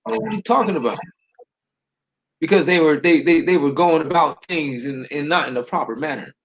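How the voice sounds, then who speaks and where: A man's voice: normal speed, noisy background. Heated man on a dull line. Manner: heated, stammering, swings high when worked up. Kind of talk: casual conversation.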